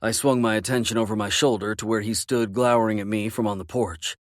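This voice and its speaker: A man narrating a first-person romance audiobook in a measured, intimate way. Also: lowish voice, steady tone, no echo, studio quality.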